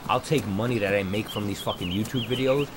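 A man's voice: lowish voice, brisk. Young man ranting crudely over game audio. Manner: crude, mocking, slangy rant. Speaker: gameplay streamer. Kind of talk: profane ranting gameplay commentary. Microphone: noise-cancelling headset mic. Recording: steady background noise.

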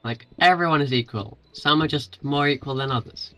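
A man in voice chat on a game stream, bantering with dry, quick-witted remarks. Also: a little high, sharp tone. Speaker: friend in voice chat.

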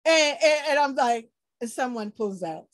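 A woman preaching an informal online sermon, lively and laughing often, acting out quoted people with sudden shouts and low murmurs. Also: normal speed, no echo. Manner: quotes people in acted voices.

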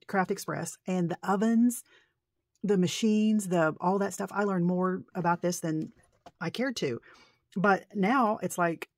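A middle-aged woman with a medium-pitched voice vlogs about paper crafting in a casual show-and-tell. She's excitable and gushing, rambling and getting tongue-tied along the way.

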